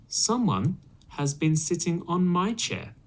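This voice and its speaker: Man playing a mother bear, motherly, pitched up high, read-aloud storybook. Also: lively intonation, slow, exaggerated voice. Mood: puzzled. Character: motherly middle-sized she-bear.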